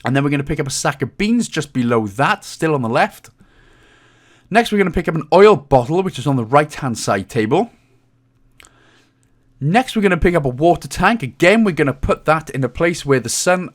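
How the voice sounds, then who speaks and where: A Welsh man talking through a game walkthrough in a relaxed, joking way, often stopping on an "um". His voice sits a little higher than most men's and swings up and down with plenty of life. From Britain. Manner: chatty and joking, with frequent "um"s. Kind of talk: casual gameplay commentary.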